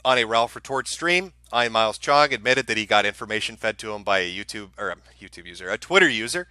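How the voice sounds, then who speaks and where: A man's voice: on the low side, animated, quick pace, bright, forceful tone, no room sound. A man hosting a live stream, giving casual commentary in a sarcastic, profane, ranting way. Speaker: streamer host.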